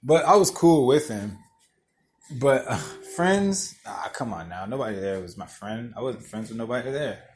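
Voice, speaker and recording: A man's voice: medium pitch, lively intonation, normal speed, darkish tone, a little hiss or hum. Profane young man telling stories. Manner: profane, blunt, laughs through stories. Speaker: podcast host. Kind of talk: casual storytelling monologue.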